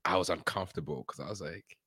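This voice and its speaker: A man's voice: deep voice, fast, slightly rough, no room sound, clean studio sound. A man chatting as a podcast guest, telling stories and acting out the voices of people he quotes. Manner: animated storyteller, acts out quoted voices. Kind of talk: casual chat.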